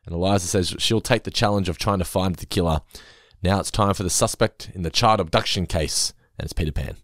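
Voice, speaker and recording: A man's voice: deep voice, a little fast, a bit bright, no echo, clean studio sound. A man co-hosting a casual episode-review podcast, recapping scenes and acting out quoted lines. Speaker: podcast co-host.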